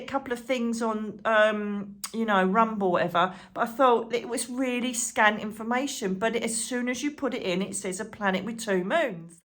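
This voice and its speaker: A woman chatting to camera as a channel host, excitable and rambling, full of asides and fillers. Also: on the high side. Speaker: psychic medium and channel host. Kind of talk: casual chat to camera.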